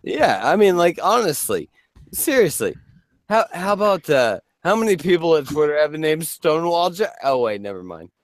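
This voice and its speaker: A man's voice: fairly high pitch, very animated, dry recording, studio quality. A man hosting a casual talk show, joking and swearing as he bounces off his co-hosts. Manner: joking, swearing, quick to laugh. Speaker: podcast host.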